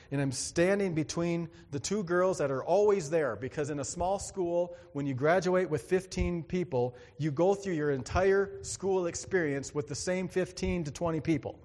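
A man preaching a sermon, telling a personal story in an earnest, dramatic way and acting out the other voices. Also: on the high side. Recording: long hall reverb.

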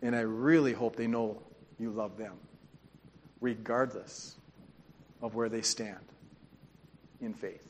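A man's voice: on the low side, fairly even intonation, slow, long pauses. A man preaching a sermon as pastor, telling stories and calling on the congregation to answer back. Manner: storytelling, calls for congregation responses. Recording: long hall reverb.

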